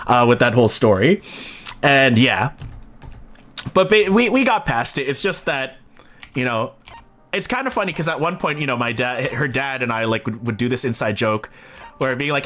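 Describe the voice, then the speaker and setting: Animated man chatting on a game stream. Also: medium pitch, moderate pace. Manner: animated storyteller, acts out other people's lines. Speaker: streamer playing a video game. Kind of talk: casual stream chat and storytelling.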